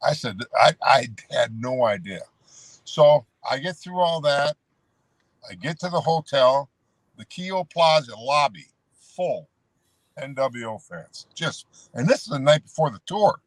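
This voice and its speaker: Animated but unhurried, this mid-range male voice comes through on a dry recording. The speaker is a retired pro wrestler swapping road stories as a guest, drifting casually from point to point, calling the host "brother" and leaning on "you know."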